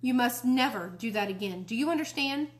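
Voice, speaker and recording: A woman's voice: fairly high pitch, lively intonation, brisk, voice pushed up, close to an everyday voice. A woman reading a storybook aloud, voicing a frazzled, anxious mother with an urgent, scolding manner.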